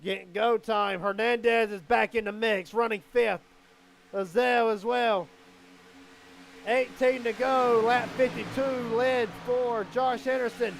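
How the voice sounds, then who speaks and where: A man calling a live sim race as commentator, excitable and quickening with the action. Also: very high-pitched, gravelly, noisy background.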